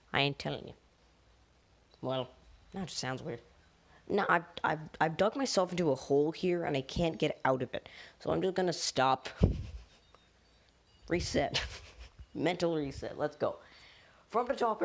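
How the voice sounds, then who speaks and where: A woman rambling through a jokey mock stand-up monologue, correcting herself as she goes. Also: vocal fry. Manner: rambling, self-correcting, jokey, pitch swinging up and down. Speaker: solo comedic rambler.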